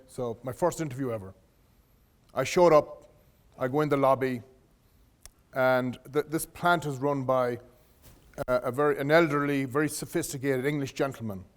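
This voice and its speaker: A middle-aged man giving a leadership lecture to students, telling career stories in a conversational way and often restarting his phrases. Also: mid-range voice. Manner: anecdotal, restarts phrases, addresses audience directly. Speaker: guest lecturer. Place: lecture hall.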